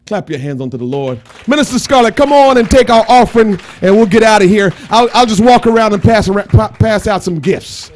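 High-voiced shouting preacher man. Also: expressive, a little fast, hardly any pauses. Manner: shouting preaching that drops to quiet storytelling. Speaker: pastor. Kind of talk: sermon. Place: church.

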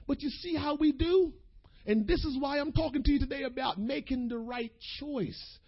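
A man's voice: extremely high pitch, moderate pace, vocal fry. A man preaching a sermon in a folksy, impassioned way and speaking directly to his congregation. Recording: dull lo-fi sermon recording.

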